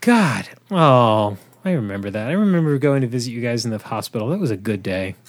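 A man's voice: medium pitch, animated, brisk. A man hosting a podcast, chatting casually with a co-host and cracking playful jokes. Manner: jokey, playful banter. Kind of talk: casual chat.

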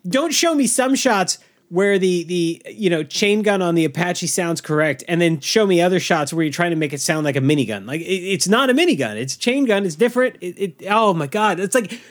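A man's voice: sits high, lively intonation, brisk, hardly any pauses. A man co-hosting a podcast, talking in casual movie-review chat with a ranting, exasperated manner. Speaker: podcast co-host.

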